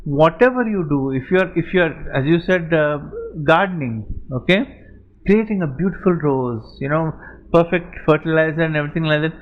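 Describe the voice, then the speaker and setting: A man gives a lively talk to a room of students and acts out the lines of the people in his stories. His voice sits fairly high for a man. The recording is muffled and lo-fi. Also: normal speed. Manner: animated storytelling, acting out quotes. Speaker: guest speaker to medical students. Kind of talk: lecture-style talk answering a question. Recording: muffled lo-fi audio.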